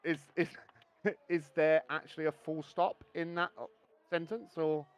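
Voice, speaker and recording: A man's voice: on the high side, steady tone, a little slow, smooth. A man streaming a co-op racing game, chatting casually, joking and swearing freely as he tells stories between laps. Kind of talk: casual gaming banter.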